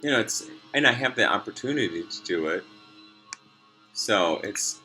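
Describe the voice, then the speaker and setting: A man's voice: on the low side, animated, normal speed, sharp tone, faint music behind. A man talking to his viewers in a rambling personal video diary from a room at home, drifting off topic with many fillers and laughs. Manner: meandering, sidetracked, many fillers, laughs often. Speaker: vlogger.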